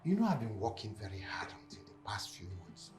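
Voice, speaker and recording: A man's voice: on the low side, big pitch swings, brisk, darkish tone. Sick broke husband begging his wife to understand, faint music under it. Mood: wounded. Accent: Nigerian. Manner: pleading, wounded. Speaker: actor. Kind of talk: film drama acting.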